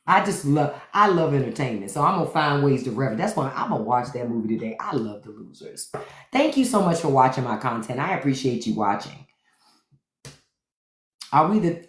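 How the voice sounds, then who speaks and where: A deep-voiced woman tells stories to her live-stream audience in a loose, profane monologue, jumping into other people's voices as she goes. Her pitch climbs and drops all over the place. The sound carries a roomy echo. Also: fairly bright tone. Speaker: podcast host on a live stream. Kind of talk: unfiltered comedic storytelling monologue.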